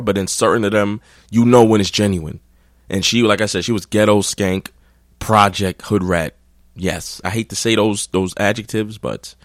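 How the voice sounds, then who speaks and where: A man hosting his own podcast, telling a long, blunt, profane story in a loose, rambling way. His voice sits low and sounds dry and close to the mic. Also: no echo. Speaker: podcast host. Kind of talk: casual storytelling.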